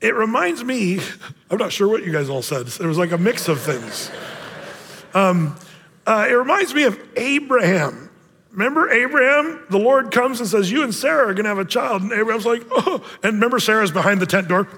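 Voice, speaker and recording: A man preaching with a high, lifted voice and a loose, joking delivery. He keeps it conversational and sometimes acts out Bible figures in playful voices. His voice trails off into a long hall reverb. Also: lively intonation, normal speed, bright, forceful tone, breathy edge. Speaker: pastor. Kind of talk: sermon.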